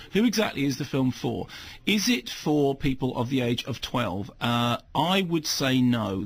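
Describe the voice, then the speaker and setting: Sardonic male film critic, husky, rambling radio review. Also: on the high side. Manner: rambling, sardonic, self-correcting.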